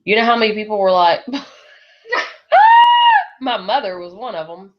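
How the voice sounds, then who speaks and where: A woman's voice: mid-range voice, normal speed. A woman giving a motivational talk to her sales team, laughing often and acting out the voices she quotes. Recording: dull lo-fi recording.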